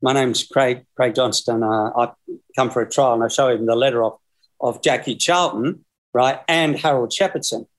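A man's voice: medium pitch, moderate pace. A man in his sixties with an Australian accent, a guest telling long, rambling stories and chuckling through them over a video call. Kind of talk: casual storytelling.

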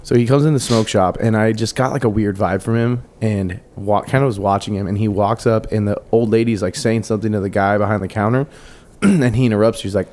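A man's voice: fairly low pitch, a little fast, slight background noise. A young man co-hosting a casual podcast, telling stories in a loose, swearing way and acting out the people in them. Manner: swearing, animated storyteller who acts out shouted quotes. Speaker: podcast co-host. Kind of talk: casual storytelling chat.

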